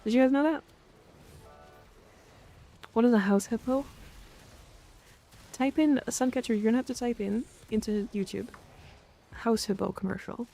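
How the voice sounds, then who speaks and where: A young woman chats with her stream viewers in a playful, easygoing way. Her voice has a gravelly fry and a mellow, warm tone. Soft music plays quietly behind her. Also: fairly high pitch, moderate pace, pauses often. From Canada. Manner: playful, reads chat aloud and answers it, growls "rawr" at viewers. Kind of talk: casual live-stream chat.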